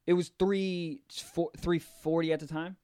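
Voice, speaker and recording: A young man with a fairly high, warm, clean voice co-hosts a podcast, telling a story in casual chat at a measured pace with a level tone. He laughs often and acts out the people he quotes. The recording is clean studio sound with no room echo.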